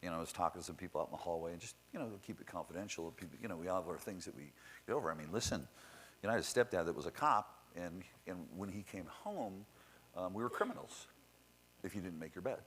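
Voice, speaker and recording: Blunt low-voiced man telling stories. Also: lively intonation, fast talker, fairly bright tone, a little hiss or hum, low-quality recording. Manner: blunt and profane, storytelling. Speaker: speaker introducing the next speaker. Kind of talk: motivational talk to an audience.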